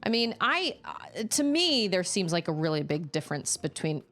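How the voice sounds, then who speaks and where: Woman gaming streamer, lively pitch, casual chatter, faint music underneath. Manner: chatty, animated, quick exclamations and laughs while playing. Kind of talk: casual live-stream chat while gaming. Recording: faint game music behind.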